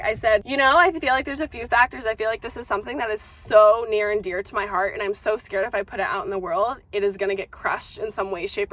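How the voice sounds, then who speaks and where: Chatty young woman vlogging. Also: fairly high pitch. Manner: chatty, filler-heavy, animated storytelling. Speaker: vlogger, yoga teacher and breathwork guide. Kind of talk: casual talking-to-camera vlog.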